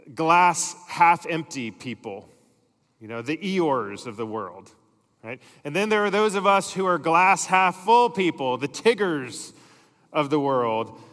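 A middle-aged male pastor preaching a sermon in a church, telling stories and dropping his voice to soft, slow emphasis. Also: fairly high pitch, big-room sound. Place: church sanctuary.

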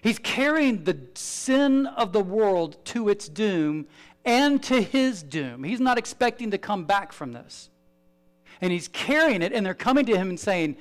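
A male pastor delivers an animated sermon, shifting between loud emphasis and quiet asides. His voice is high and his pace a little slow.

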